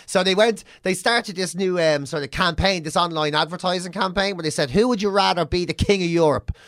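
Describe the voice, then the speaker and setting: A man's voice: high voice, a little fast, fairly bright tone, dry recording, studio quality. A man in his forties with an Irish accent, co-hosting a podcast in casual, sweary, mocking banter. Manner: sweary, mocking, rambling storyteller. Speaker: podcast co-host.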